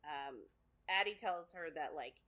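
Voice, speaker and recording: A woman's voice: low voice, animated, measured pace, bright, forceful tone. A woman co-hosting a podcast, chatting casually through a book recap with lots of fillers and quoted asides. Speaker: podcast co-host.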